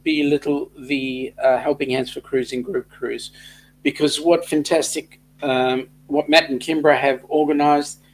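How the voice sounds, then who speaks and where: A man's voice: mid-range voice, steady tone, unhurried. Australian man, middle-aged, casual co-host, joking, reads viewer comments, faint hum. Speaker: co-host of a cruise chat livestream. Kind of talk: casual chat.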